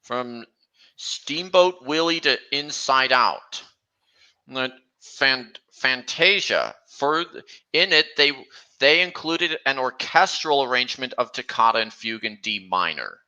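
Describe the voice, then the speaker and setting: A man chatting casually on a stream, talking slowly and haltingly with frequent restarts. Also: mid-range voice, expressive, bright, forceful tone, clean tone, rough recording. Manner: halting, many restarts, slow and meandering. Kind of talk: casual chat.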